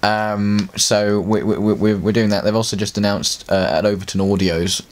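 A man's voice: fairly low pitch, little pitch movement, moderate pace. A young man chatting casually as an interview guest, rambling off on tangents and laughing often. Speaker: guest, voice actor and prop maker.

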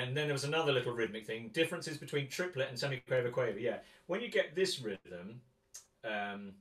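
A man's voice: mid-range voice, a bit bright. A man teaching a guitar masterclass in a chatty way, often counting and singing rhythms aloud. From England. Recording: roomy sound, mic at a distance.

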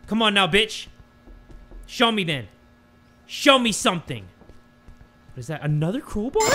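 Young man, horror game commentary, bright high voice, wildly swinging pitch, swears. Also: big pitch swings, normal speed, long pauses, faint music behind. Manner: jumpy, swears a lot, swings from muttering to screaming. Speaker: gaming YouTuber.

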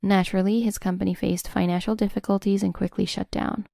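A woman in scripted first-person narration of a revenge story, smug and measured. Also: medium pitch, level tone, gravelly, warm tone, no echo, studio quality.

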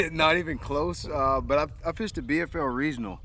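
A man's voice: on the high side, moderate pace, bright, forceful tone, a little hiss or hum. Easygoing American man chatting on a podcast. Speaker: podcast guest. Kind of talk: casual storytelling.

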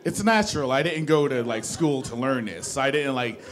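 Lively stand-up comic rambling on stage. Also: male voice, mid-range voice. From New Jersey. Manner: rambling, self-deprecating, halting with restarts. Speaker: stand-up comedian. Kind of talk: stand-up comedy set. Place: small studio with a live audience.

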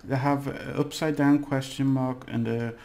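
A man's voice: mid-range voice, level tone, a little slow, vocal fry, darkish tone. A man teaching a casual video lesson, rambling and hesitant, with fillers and small jokes. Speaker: language teacher.

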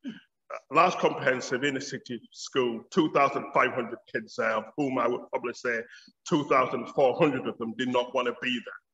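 A man's voice: medium pitch, moderate pace, sharp tone. Yorkshire man lecturing in a reverberant hall. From Bradford, Yorkshire, England. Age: 50s. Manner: storytelling, wry. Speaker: lecturer, theology professor. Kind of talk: public lecture. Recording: dull audio with long hall reverb.

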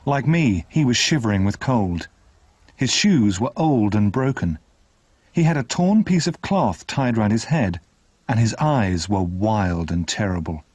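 A man narrating a retold classic novel in an expressive, dramatic reading style. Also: lowish voice, unhurried, husky, no room sound. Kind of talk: scripted storybook narration.

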